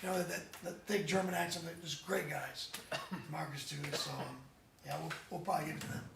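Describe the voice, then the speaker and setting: Man, band member guest, high gravelly voice, rambling storyteller, echoey distant mic. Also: a little fast, noisy background. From United States. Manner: rambling, animated storyteller with many restarts. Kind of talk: casual interview chat. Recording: roomy echo, distant mic.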